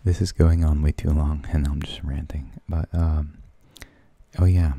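A man rambling in soft-spoken ASMR, half-whispering and hesitating as he searches for words. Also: extremely low pitch, level tone, unhurried, breathy edge, no room sound. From United States. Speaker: ASMR channel host.

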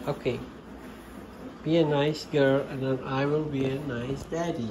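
A man talking to his small daughter at home in a home vlog, patient and gently coaxing, in simple broken English. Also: medium pitch, steady tone, measured pace, noisy background. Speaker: father filming his young daughter. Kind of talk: casual home vlog talk to a child.

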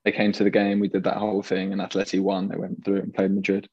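Young English guest, laid-back, halting delivery; low register, dry lo-fi audio. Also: male voice, breathy edge, dry recording. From England. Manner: relaxed, hesitant with fillers and restarts. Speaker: professional goalkeeper guest. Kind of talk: casual interview chat.

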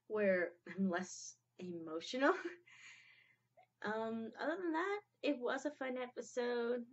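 A young woman hosting a reaction video, talking in a halting, emotional way with many restarts. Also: medium pitch. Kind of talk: casual reaction commentary. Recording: dull lo-fi home recording.

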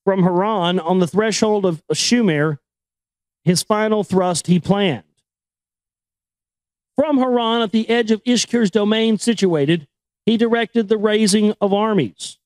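A high-pitched man with a darkish tone reads aloud a little slowly, frequently fumbling names and words and then self-correcting. He mixes in casual, irreverent asides about the book, and the audio is dry and poor.

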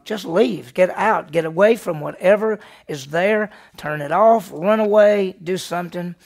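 A middle-aged man, a pastor, teaching a Bible study lesson in an animated way, firing questions at the class and answering them himself. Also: high-pitched, measured pace, gravelly.

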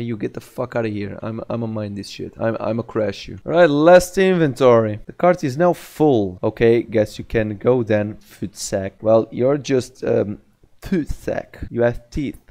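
Gamer, male, mid-pitched, swears freely and mocks the characters as he plays. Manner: profane, excitable, mocking. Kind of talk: gameplay commentary.

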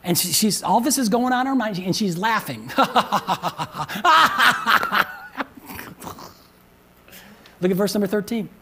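A man's voice: high voice, lively intonation, slow, pauses often, bright, forceful tone, slight background noise. A man preaching a sermon as pastor in a conversational way, repeating phrases and often asking the congregation questions. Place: church.

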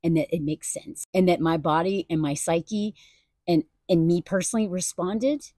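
A woman's voice: fairly low pitch, normal speed, dark tone, no room sound, clean studio sound. A woman talking earnestly and emotionally in a personal video commentary, speaking casually and addressing viewers directly. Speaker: video creator.

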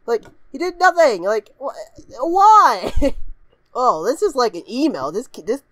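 A woman hosting a reaction video, reading aloud haltingly, giggling and breaking into shrieking laughter and goofy voices. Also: on the high side, very animated, dry recording. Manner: frequently puts on goofy voices of kids. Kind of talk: casual reaction commentary.

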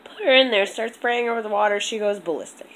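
A young woman chatting on a home vlog, rambling and animated, with a congested throat. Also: medium pitch, brisk, poor audio. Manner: rambling, animated storytelling with lots of "like". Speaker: vlogger. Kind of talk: casual vlog chat.

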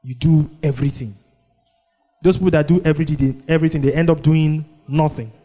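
Nigerian pastor preaching with call-and-response. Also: male voice, on the high side, fairly even intonation, brisk, mellow, faint music behind. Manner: call-and-response preaching, prompting the congregation with "what?". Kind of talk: sermon.

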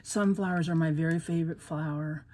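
A middle-aged woman casually chatting at home as she opens craft mail, gushing and jumping to squealing highs when excited. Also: brisk, a little hiss or hum. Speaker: craft vlogger opening friend mail. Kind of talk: casual chat.

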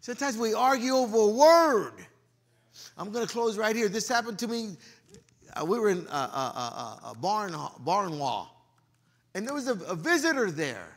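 At a moderate pace, a male pastor preaches a lively, joking sermon. He swings from booming delivery to low mumbled asides and drifts into casual slang.

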